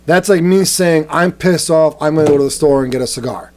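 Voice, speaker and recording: A man's voice: on the high side, fairly quick, a little mellow. Sarcastic man reading the news. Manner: crude, sarcastic, reads news aloud. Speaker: podcast co-host. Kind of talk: casual satirical podcast banter.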